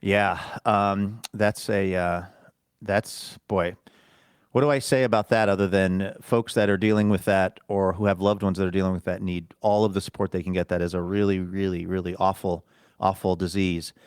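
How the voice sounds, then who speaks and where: A podcast co-host rambles in casual, self-deprecating chat, his deep, clear, resonant voice moving at normal speed with fairly even intonation. The recording is dry and studio quality.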